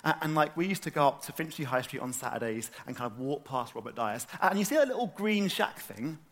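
Animated man preaching conversationally. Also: a little high, brisk. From north London, England. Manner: conversational, animated, asks the room questions. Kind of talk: sermon.

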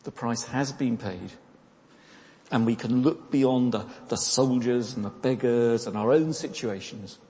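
Man, preacher, sermon, conversational, rhetorical questions, mellow voice, long church reverb. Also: mid-range voice, a little slow.

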